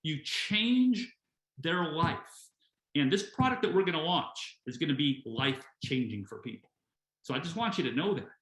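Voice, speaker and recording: A man's voice: fairly high pitch, animated, normal speed, fairly bright tone, echoey room, poor audio. A man speaking as company president in a motivational webinar, emphatic and full of rhetorical questions and repeated phrases. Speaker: company president addressing distributors.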